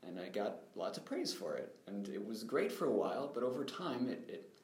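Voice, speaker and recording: A man's voice: lowish voice, very animated, brisk, a little mellow. A young man, a guest in an interview, recounting his life story in an earnest, reflective way. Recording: roomy echo.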